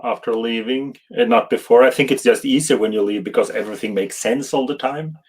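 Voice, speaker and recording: Guy hosting a live stream, reads out chat comments, jokey, trips over his words a lot, mid pitch. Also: darkish tone, breathy edge. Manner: joking, halting, with frequent restarts. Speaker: host of a live show.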